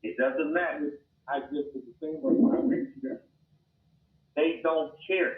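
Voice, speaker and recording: A man's voice: a little high, very animated, unhurried. A man co-hosting a podcast, arguing earnestly and often stammering and repeating words. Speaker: podcast co-host. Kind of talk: heated debate. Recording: tinny phone-like remote line, roomy.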